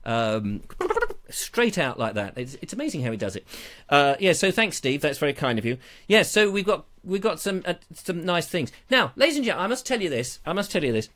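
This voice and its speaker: Speaking briskly in a slightly high, fairly bright voice, this man is very animated. He runs a live online show from a small studio on a lapel mic, wandering from topic to topic with jokes and playful asides.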